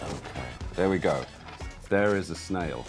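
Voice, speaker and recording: A man's voice: low-pitched, lively intonation, measured pace, loud music behind the voice. A man from the UK chatting casually and joking as he tastes snacks. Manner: playful, jokey, lots of laughter. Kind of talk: casual food-tasting chat.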